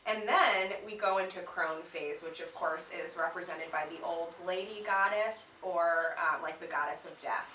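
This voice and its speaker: A woman's voice: on the low side, normal speed, hardly any pauses, pushed and bright, a little hiss or hum. A woman co-hosting a casual chat, talking loosely with lots of fillers. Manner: chatty, uses many fillers. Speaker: co-host. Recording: echoey room, mic at a distance.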